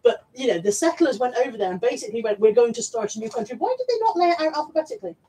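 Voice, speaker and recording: Chatty husky woman vlogger. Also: a little high, sing-song, rapid-fire, dark tone, low-quality recording. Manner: chatty, reads out viewer comments, coos at her dog. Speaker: vlogger and reseller. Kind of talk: casual live-stream chat.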